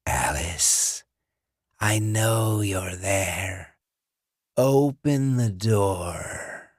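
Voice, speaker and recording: A man voicing a rotting undead ex-boyfriend with a croaking, death-rattle voice, slow and menacing. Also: lowish voice, dry recording, studio quality. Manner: slow, drawn-out, sing-song menace.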